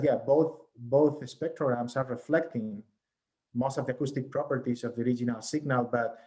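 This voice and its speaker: A man's voice: mid-range voice, a little mellow. A man presenting research in an academic lecture over a video call, explaining step by step and often checking in with the audience.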